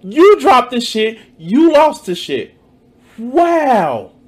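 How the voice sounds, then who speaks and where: A man's voice: extremely high pitch, wildly swooping pitch, extremely slow. A man giving mocking, incredulous reaction commentary to a clip, swearing freely. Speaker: stream reactor.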